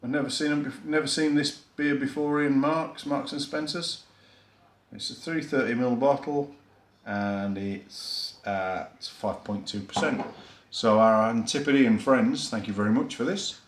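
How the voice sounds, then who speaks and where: In an echoey room, a man with a Yorkshire accent talks through a beer for his vlog, rambling and self-deprecating with many fillers. His mid-range voice keeps fairly even intonation at a normal speed.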